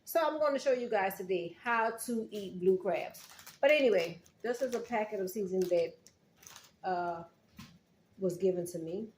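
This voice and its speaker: A woman's voice: medium pitch, moderate pace, a little mellow, slight background noise. Chatty woman in an echoey room. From Charleston, South Carolina. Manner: chatty, talks straight to viewers. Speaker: cooking vlogger. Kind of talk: casual cooking vlog. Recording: echoey room with faint ambience.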